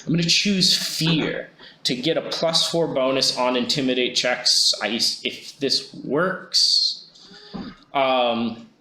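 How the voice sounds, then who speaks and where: A man playing a tabletop game, talking slowly and hesitantly as he works out the rules aloud. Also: mid-range voice, steady tone, pushed and bright, echoey room. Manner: slow, hesitant, thinking aloud over rules. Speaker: player. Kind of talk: tabletop game play, casual.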